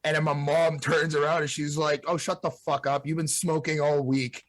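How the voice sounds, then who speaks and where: A young man with a slightly high voice rambles through a profane story, restarting sentences as he goes. He is from Montreal's South Shore. The sound is close and dry. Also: little pitch movement, moderate pace, no room sound. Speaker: guest. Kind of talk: casual storytelling.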